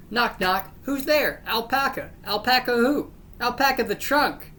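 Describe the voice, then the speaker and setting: Her voice is on the high side, unhurried, with a fairly bright tone. As host of her channel, she reads jokes one after another, unimpressed, stopping to grumble that they fall flat. Slight background noise is present.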